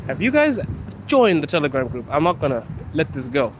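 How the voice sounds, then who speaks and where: A man's voice: fairly high pitch, big pitch swings, a little fast. A man from Africa live-streaming as he walks outdoors through city streets, chatting casually, laughing often and answering viewers' comments. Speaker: vlogger. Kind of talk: live-streamed walking vlog. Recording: noisy outdoor street recording.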